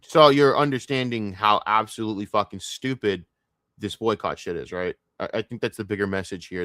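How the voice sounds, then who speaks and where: A man's voice: on the low side, fairly quick, pushed and bright, dry recording, studio quality. A man streaming his reaction to a video, scornful and swearing heavily as he rants. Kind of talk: profane ranting commentary.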